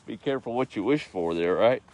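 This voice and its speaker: A man's voice: medium pitch, darkish tone. A man telling folksy stories in a laid-back, chuckling way, outdoors in his garden. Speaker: storyteller. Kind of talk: folksy storytelling.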